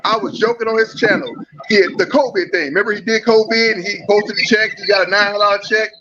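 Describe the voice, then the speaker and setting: A man on a livestream panel talks fast in a high voice, heated and confrontational, swearing as he goes. His muffled line carries clear background noise. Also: fairly even intonation. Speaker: panel guest. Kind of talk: casual livestream panel talk.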